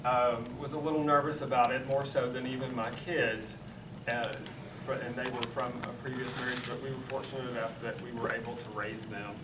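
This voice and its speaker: A middle-aged man appearing as a drag nun guest at a church panel tells family anecdotes and laughs often, his mid-range voice level in tone and brisk. The recording was made in a large, echoey church sanctuary with a distant mic and background noise.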